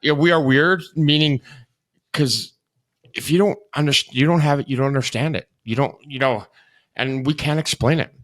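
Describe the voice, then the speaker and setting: A man's voice: on the high side, moderate pace, a bit bright. A man in his thirties co-hosting a podcast, joking around and laughing often. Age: 30s. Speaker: podcast co-host. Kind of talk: casual interview talk.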